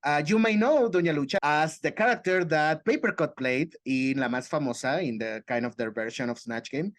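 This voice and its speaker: A man from Mexico, co-hosting a casual chat podcast and breaking into lively character voices. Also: a little high, normal speed, no room sound. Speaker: podcast co-host.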